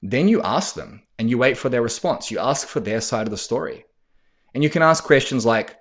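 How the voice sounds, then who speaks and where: A man's voice: medium pitch, animated, a little fast. A man hosting a podcast, coaching men on talking with their partners in a direct, blunt way, swearing freely and acting out sample lines. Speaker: podcast host and men's coach. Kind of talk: casual instructional talk.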